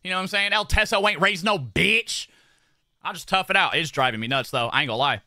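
A man's voice: sits high, quick pace, sharp tone, no room sound, studio quality. Slangy, profane young man streaming. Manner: profane, slangy, rambling with repeated phrases. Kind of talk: casual livestream chat while doing makeup.

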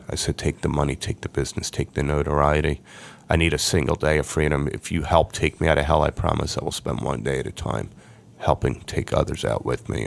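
Super deep gravelly guy, middle-aged, pouring his heart out on a podcast. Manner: earnest, emotional storytelling. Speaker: podcast guest. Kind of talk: personal recovery story.

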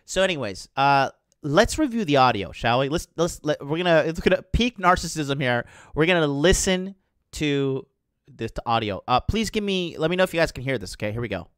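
A man's voice: on the high side, animated, brisk, clear, resonant tone, no echo, studio quality. A man hosting a dating show, talking casually and crudely to his live chat viewers, rambling and swearing as he tells stories. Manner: crude, profane, rambling storytelling. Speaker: dating coach host.

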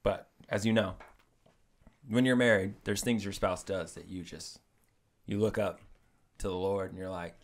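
Casting: male podcast co-host, slightly low voice, animated and joking, casual banter. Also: normal speed, pauses often. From Mexican family. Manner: animated, joking, talks with mouth full. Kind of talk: casual chat.

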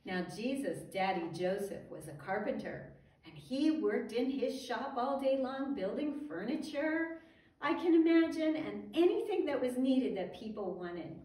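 A woman teaching a Sabbath school class for toddlers, talking in a gentle, sing-song way as she tells a story and coaxes the children. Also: fairly high pitch, lively intonation, a little slow. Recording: roomy echo, mic at a distance, faint music.

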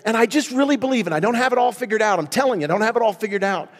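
A man preaching at a revival service, telling a story in a lively, conversational way and laughing often. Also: high voice, very fast. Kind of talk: storytelling sermon. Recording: long reverb in a church hall.

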